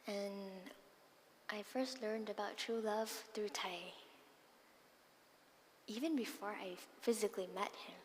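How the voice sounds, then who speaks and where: A woman nun gives a dharma talk in a monastery hall, her voice trailing off in a long reverb. She tells personal stories expressively and drops into soft, breathy asides, with a faint hum of room ambience behind her. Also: mid-range voice, fairly even intonation, slow, pauses often. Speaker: Buddhist nun and dharma teacher.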